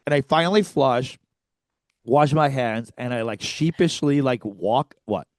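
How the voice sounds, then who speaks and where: A man's voice: mid-range voice, measured pace, no room sound, clean studio sound. A man co-hosting a comedy podcast, telling a story with lots of swearing and acted-out quotes. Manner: animated, profane, acts out quotes.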